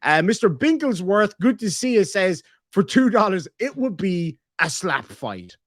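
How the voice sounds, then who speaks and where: A man's voice: high-pitched, big pitch swings, unhurried, no room sound, studio quality. An Irish man hosting a casual stream, reading member messages aloud in a joking, crude, rambling way. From Ireland. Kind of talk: casual reaction stream chat.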